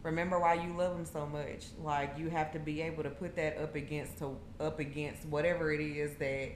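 A woman's voice: deep voice, level tone, a little fast. A woman guest in a casual chat, giving blunt, matter-of-fact advice. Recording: echoey room with faint noise.

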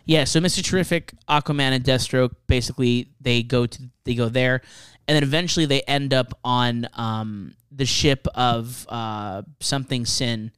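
A man in casual conversation, recapping a comic story in a relaxed, halting way with lots of filler words. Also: mid-range voice, clean tone, no room sound. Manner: easygoing, hesitant recaps with many ums and likes. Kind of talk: casual comic-book discussion.

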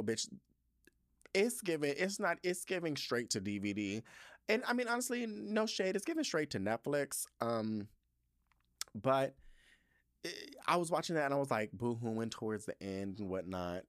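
A young man with a medium-pitched voice hosts his own solo podcast, reading listener reviews in a sassy, expressive, casual way, full of playful swearing and asides. The studio recording is dry and clean.

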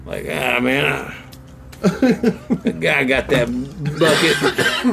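A man's voice: a little high, big pitch swings, extremely slow, creaky, over music. A man co-hosting a podcast, talking loosely and profanely and laughing often in casual banter. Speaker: podcast co-host.

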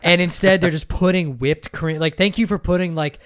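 A young man co-hosting a podcast, telling a story with plenty of swearing and self-mockery. His voice sits fairly high and sounds smooth and clear. The sound is close and dry. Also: fairly even intonation, fairly quick, dry recording. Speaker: podcast co-host. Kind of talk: casual chat.

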